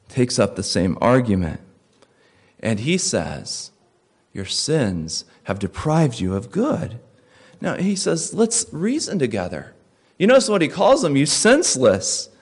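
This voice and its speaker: A man preaching a sermon as a pastor, pleading and emphatic, with wide swings between loud and soft. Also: a little high.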